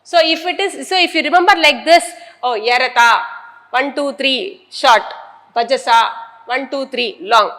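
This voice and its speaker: A woman's voice: high-pitched, bright, forceful tone, in a large hall. A woman teacher, lecturing a class and explaining step by step while she repeats key terms.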